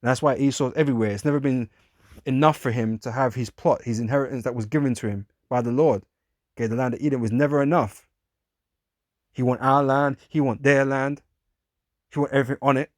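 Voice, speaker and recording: A man's voice: medium pitch, fairly even intonation, brisk, dry recording, clean studio sound. A man, teaching scripture in a casual, profane, repetitive way. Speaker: street preacher.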